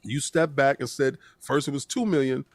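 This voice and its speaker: A man co-hosting a casual gaming podcast, animated and joking, acting out little voices in his stories. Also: medium pitch, normal speed, no echo. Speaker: podcast co-host.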